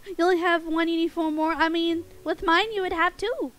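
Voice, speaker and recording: A woman's voice: extremely high pitch, fairly bright tone, low-quality recording. A woman streaming a game and chatting playfully with her viewers, giggling often. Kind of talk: casual game stream chat with chat.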